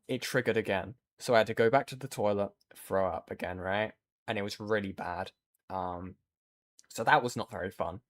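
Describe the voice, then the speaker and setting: A man streaming, chatting casually with viewers and rambling through a story with lots of fillers. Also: on the low side.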